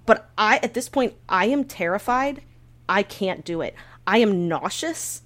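Animated woman telling a story. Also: medium pitch, a little slow. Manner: animated storyteller, acts out her own panic with squeals; frequent filler words, restarts. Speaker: podcast co-host telling a story. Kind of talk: casual chat.

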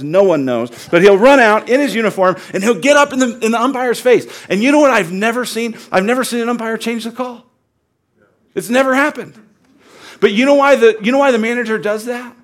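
A man preaching with a slightly high-pitched voice. He moves between a quiet, confiding hush and loud, almost shouted emphasis. He talks earnestly and conversationally, weaving in personal stories. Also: brisk. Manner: swings from hushed, quiet delivery to loud, near-shouted emphasis. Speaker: pastor. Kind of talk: sermon.

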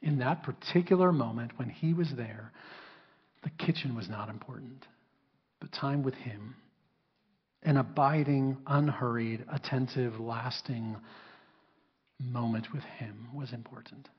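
A man's voice: medium pitch, a little slow, long pauses, slightly rough, in a large hall, dull audio. A man preaching a sermon as pastor. He talks with the congregation, asks them to answer, and briefly acts out biblical characters in a raised, sassy voice. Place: church hall.

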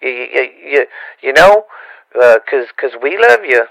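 A man's voice: medium pitch, expressive, moderate pace, creaky, fairly bright tone, no echo, low-quality recording. A man from Louisiana with a Cajun accent, chatting as a podcast guest in a rambling, stammering way with playful rhymes. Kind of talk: casual podcast banter.

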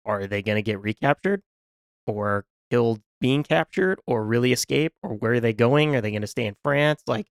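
A man's voice: mid-range voice, lively intonation, normal speed, dry recording, clean studio sound. A man co-hosting a film podcast, reflecting aloud in a casual discussion. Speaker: podcast co-host.

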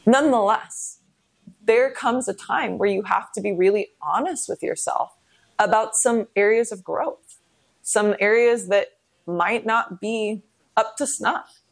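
A woman's voice: a little high, gravelly. A young woman hosting a podcast, talking candidly in a rambling, casual way with many fillers and some swearing. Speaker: podcast host. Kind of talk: casual personal monologue.

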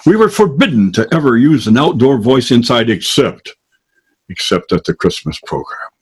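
A man's voice: mid-range voice, sing-song, moderate pace, husky. An older man telling a folksy childhood story to an audience, acting out the voices of the people in it.

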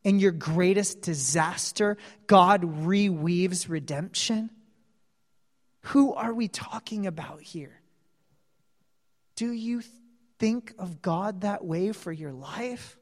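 A male preacher giving a sermon, telling a story earnestly with dramatic pauses. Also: high-pitched. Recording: long hall reverb.

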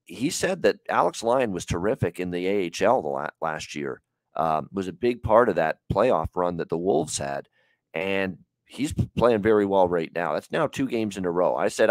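Man, low voice, solo betting podcast, loose rambling delivery, dry close mic. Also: no room sound. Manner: rambling, filler-heavy, conversational. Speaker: sports betting show host.

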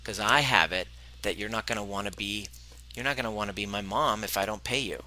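Male podcast host and coach, earnest storyteller, lowish voice with a very bright, forceful edge. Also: fairly quick, slight background noise. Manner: earnest, acts out client dialogue. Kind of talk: personal storytelling monologue.

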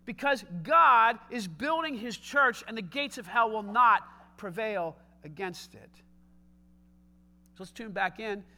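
At a slow pace, a man preaches as a pastor, swinging from loud, emphatic declarations to hushed, low asides and often asking the congregation questions directly.

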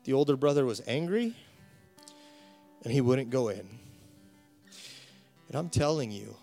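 A man's voice: medium pitch, lively intonation, unhurried, creaky, dark tone, soft background music. A male pastor preaching a sermon with rising passion, repeating words as he builds his point. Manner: impassioned, rising to emphatic preaching.

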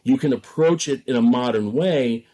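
A man, a theater director, being interviewed and talking in a measured, thoughtful way with frequent hedges. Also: mid-range voice, dark tone.

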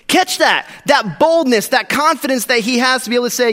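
A man's voice: extremely high pitch, lively intonation, a little fast, hardly any pauses, pushed and bright, in a large hall. A man preaching a sermon in a casual, emphatic style, with slangy asides to the congregation. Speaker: pastor.

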